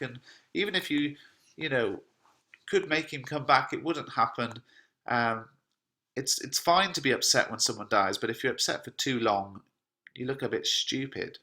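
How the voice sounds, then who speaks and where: A man's voice: medium pitch, animated, moderate pace, sharp tone. A man, a teacher explaining a play line by line in plain conversational paraphrase. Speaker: English teacher.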